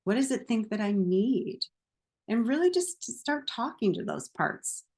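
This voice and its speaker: A woman's voice: fairly high pitch, a little slow. A woman who works as a therapist and coach, speaking straight to the viewer in a chatty motivational talk, laughing often and leaning on "like" as she goes. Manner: chatty, animated, laughs often, uses "like" a lot. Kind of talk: casual motivational talk to camera.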